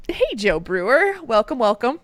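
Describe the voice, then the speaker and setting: A woman co-hosting a casual podcast, chatty and quick to laugh, stressed and irritable, telling stories with lively quoted asides. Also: a little high, no room sound. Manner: chatty, laughs often, animated retellings. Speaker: podcast co-host. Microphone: headphones and home mic.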